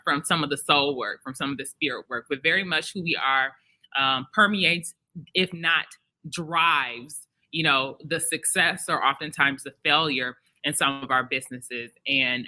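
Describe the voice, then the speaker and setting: A woman from Detroit hosting a live podcast at an expo, chatty and animated, laughing often and breaking into snippets of song. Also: sits low, poor audio. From Detroit, Michigan. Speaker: podcast host. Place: expo venue.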